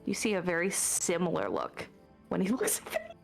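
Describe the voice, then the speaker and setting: A woman's voice: fairly low pitch, wildly swooping pitch, normal speed, creaky, faint music behind. A woman narrating a tabletop game as game master, in a chatty style full of fillers.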